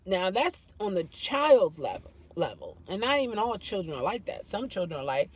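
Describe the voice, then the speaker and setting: A woman's voice: medium pitch, sing-song, moderate pace, few pauses, a little mellow, slightly rough. A woman vlogger chatting casually as she reads out viewer comments, laughing often and slipping into playful impressions. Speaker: YouTube vlogger. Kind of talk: casual chat reading comments.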